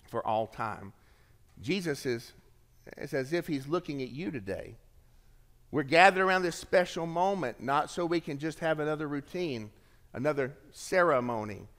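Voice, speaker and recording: A man preaching a sermon as pastor, swinging from emphatic lines to hushed, low endings. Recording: long reverb of a large hall.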